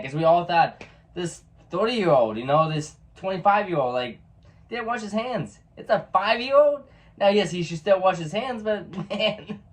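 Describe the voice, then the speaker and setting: A man hosting a reaction video talks slowly over a comedy clip, his voice slightly high. He makes casual, laid-back remarks with chuckling asides.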